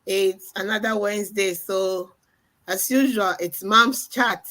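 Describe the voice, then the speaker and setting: Slow-talking woman hosting a live chat. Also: medium pitch, sharp tone, low-quality recording. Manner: slow and welcoming, a little hoarse. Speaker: host of a live online chat. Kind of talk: casual live-stream hosting.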